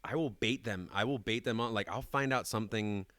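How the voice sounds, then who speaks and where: Animated swearing man, bright voice. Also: fairly low pitch, a little fast, no echo. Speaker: podcast co-host, dance teacher. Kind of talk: casual chat.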